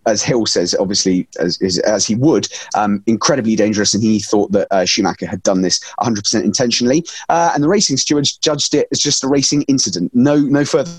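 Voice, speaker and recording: A man co-hosting a casual podcast, telling stories with lively emphasis and slipping into comic put-on voices. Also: fairly low pitch, slightly rough, no room sound. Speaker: podcast co-host.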